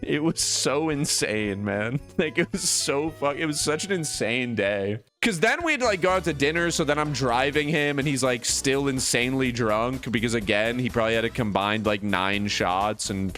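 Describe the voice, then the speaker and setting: A young man streamer telling a long funny story in casual chat, animated and full of "like" fillers, acting out the people in it. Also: mid-range voice, moderate pace, hardly any pauses, faint music behind. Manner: animated, many "like" fillers, acts out other voices.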